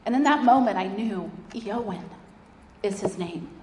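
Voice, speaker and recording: A woman's voice: mid-range voice, lively intonation, a little slow, background noise. A woman giving an earnest, emotional faith testimony as a mother, building her points through repeated phrases. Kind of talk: personal faith testimony speech. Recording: echoey hall reverb.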